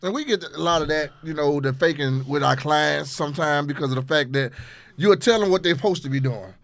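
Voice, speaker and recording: High, gravelly, emphatic man. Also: fairly quick, a bit bright. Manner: emphatic, repeats "you understand me". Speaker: trainer. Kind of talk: casual podcast banter.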